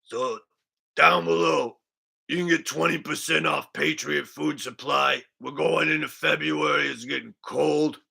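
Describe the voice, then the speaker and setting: A man's voice: a little high, steady tone, unhurried, gravelly, bright, forceful tone, husky, exaggerated voice. A man doing a droning vlogger impression. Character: laid-back vaping male vlogger, rambling about mundane news.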